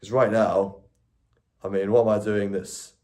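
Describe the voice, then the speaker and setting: A young man talks casually on a live stream in a slightly low voice. He rambles and corrects himself mid-thought. Swearing comes easily in his chat. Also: little pitch movement, unhurried, darkish tone. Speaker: IRL streamer.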